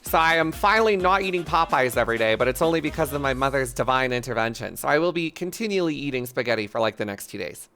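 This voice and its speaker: A man's voice: medium pitch, expressive, fast, few pauses, bright, forceful tone. A man streaming live, chatting casually with viewers in a rambling, self-mocking, profane way, with faint music behind. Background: faint music playlist.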